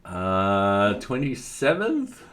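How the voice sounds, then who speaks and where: Coding live, an Australian-accented streamer muses aloud, reads out the chat, and makes fun of himself in a casual, chatty way. His fairly low, fairly bright voice swoops wildly in pitch and draws out words.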